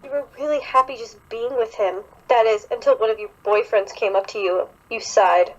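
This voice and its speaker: Young woman, slightly high voice, podcast co-host, giggly and sarcastic reading of fan fiction. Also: fairly even intonation, normal speed, muffled recording. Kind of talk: casual chat, reading fan fiction aloud.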